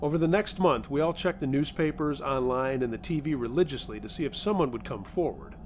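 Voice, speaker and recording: A man's voice: mid-range voice, lively intonation, fairly quick, a little mellow, a little hiss or hum. Man reading a scary story. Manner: first-person storytelling, tense retelling. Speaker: narrator. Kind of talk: scripted horror story reading.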